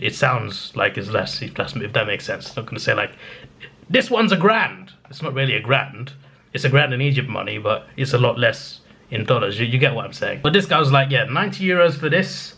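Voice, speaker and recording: A man's voice: mid-range voice, bright, forceful tone. A young man from England, telling a travel story in a chatty, laughing way with stammered restarts. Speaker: vlogger. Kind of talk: casual storytelling.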